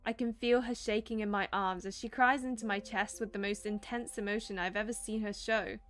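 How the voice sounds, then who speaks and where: A young woman streaming herself, reading a romance visual novel aloud and chatting excitedly between lines. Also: medium pitch, a little fast, soft background music. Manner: excitable, laughing asides.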